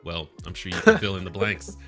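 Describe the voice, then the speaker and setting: Deep bright-voiced man hosting a live chat. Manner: jokey, reads chat messages aloud, laughs often. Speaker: livestream panel host. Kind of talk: casual live panel chat.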